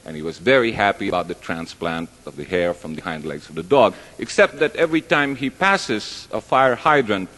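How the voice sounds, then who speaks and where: Long hall reverb colors this live stand-up set, where a man with a low, slightly bright, expressive voice speaks at a moderate pace with few pauses. Chatty and rambling, he jokes at his own expense before an audience in a large hall.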